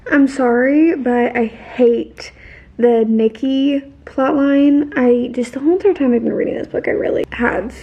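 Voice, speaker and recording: A woman's voice: high-pitched, fairly even intonation, unhurried, dull audio. A woman recapping a novel in a casual, rambling way, full of fillers and restarts, and emphatic with her opinions. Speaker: book vlogger.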